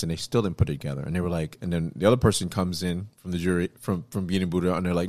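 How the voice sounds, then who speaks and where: A man in casual chat, telling a story with lively acted-out quotes and lots of repeated words. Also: low voice, racing, hardly any pauses, no room sound. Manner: animated storytelling, acts out quotes; repeats words, frequent fillers.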